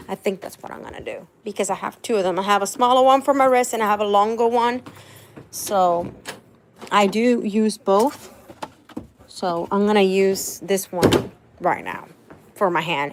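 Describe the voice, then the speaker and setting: A woman vlogging casually, retelling a mishap in an exasperated, animated way. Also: mid-range voice, slight background noise. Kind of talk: casual vlog storytelling.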